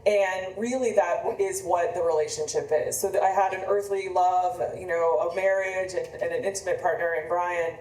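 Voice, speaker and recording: A woman's voice: on the low side, fairly even intonation, normal speed, hardly any pauses, a little mellow. A woman in her fifties, an author, telling a personal story in a rambling, conversational way with frequent restarts. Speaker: author on book tour. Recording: echoey room, mic from a distance.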